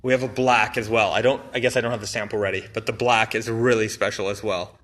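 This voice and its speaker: Man, enthusiastic brand rep, bright forward voice, chatty live-stream product walkthrough with lots of fillers. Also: fairly low pitch, fairly even intonation, fast talker. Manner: enthusiastic, rambling, many fillers and restarts. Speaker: brand representative showing new products. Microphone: phone or camera mic on a live stream.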